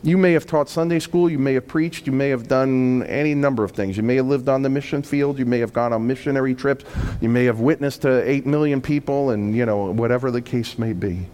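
A man preaching a sermon as pastor, swelling from quiet, emphatic points into loud, urgent appeals. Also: medium pitch. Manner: preaching with sudden swells of volume and emphatic slowdowns.

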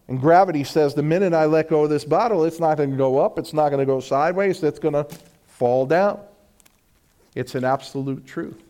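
Male pastor, middle-aged, slightly high voice, dramatic sermon delivery with big loud-to-soft swings. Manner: emphatic preaching, swinging between loud declarations and hushed slow lines.

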